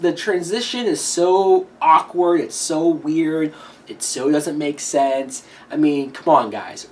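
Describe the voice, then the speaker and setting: A woman giving a casual horror movie review, blunt and swearing freely, often laughing as she talks. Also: sits low.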